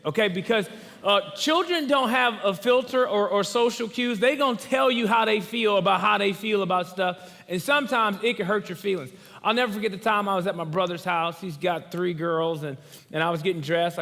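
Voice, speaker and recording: Young male pastor, high bright voice, lively storyteller, church hall reverb. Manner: animated storytelling, acts out quoted voices. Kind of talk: sermon. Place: church auditorium.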